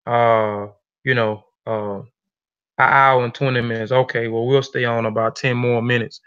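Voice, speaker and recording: A man's voice: mid-range voice, little pitch movement, moderate pace, fairly bright tone, clean tone. A man hosting a live show in a loose, chatty way, addressing his audience as family. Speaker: host. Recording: dull lo-fi sound.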